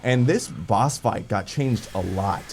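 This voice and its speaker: A young man giving casual, rambling commentary over his gameplay footage, full of fillers and excited asides. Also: on the low side, slow, vocal fry, slight background noise. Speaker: gaming video creator.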